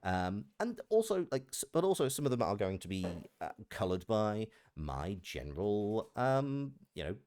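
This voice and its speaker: A man's voice: on the low side, big pitch swings, normal speed, hardly any pauses, darkish tone. A man with a Merseyside accent chatting on a live stream as a voice actor, explaining his thinking in a thoughtful way. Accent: Merseyside English. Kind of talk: casual chat on a live stream.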